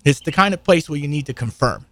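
A man's voice: on the high side, expressive, fast talker, fairly bright tone, dry recording. An older man telling a rambling, profane story in casual monologue, full of asides and restarts. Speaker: show regular.

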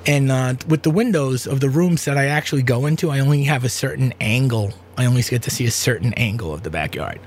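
A man's voice: medium pitch, fast, few pauses, slight background noise. A man hosting his own talk show from home, rambling casually through asides with lots of fillers. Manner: chatty, meandering, many fillers and asides. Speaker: podcast host. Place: home room with air conditioner.

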